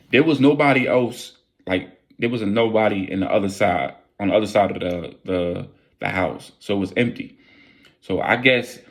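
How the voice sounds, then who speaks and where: Animated young man telling a story. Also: lowish voice. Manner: animated, profane street slang. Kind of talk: storytime vlog, casual storytelling.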